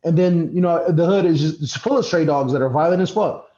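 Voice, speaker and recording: A man's voice: fairly high pitch, brisk, warm tone. A man in casual conversation, swearing freely as he thinks aloud. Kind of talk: casual chat. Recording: dull roomy sound.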